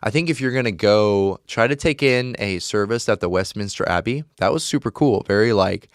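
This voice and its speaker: Low-voiced man, smooth and close. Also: moderate pace, no echo. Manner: enthusiastic storyteller, jokey. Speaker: podcast co-host. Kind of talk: casual chat.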